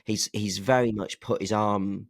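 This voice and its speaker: A man's voice: lowish voice, fairly even intonation, measured pace, no echo, clean studio sound. A man co-hosting a podcast, chatting casually and speculating, often restarting his sentences. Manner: chatty, self-interrupting, speculative. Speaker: podcast co-host. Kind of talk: casual chat.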